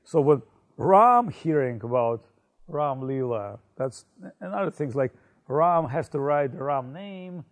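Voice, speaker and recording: A man telling a story in a casual conversation, animated and full of fillers. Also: fairly high pitch, a little slow. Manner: animated, many fillers and restarts, laughs. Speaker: spiritual speaker.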